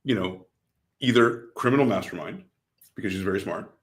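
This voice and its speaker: A man co-hosting a casual podcast, joking, swearing freely and thinking out loud. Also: on the low side, fairly quick. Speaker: podcast co-host.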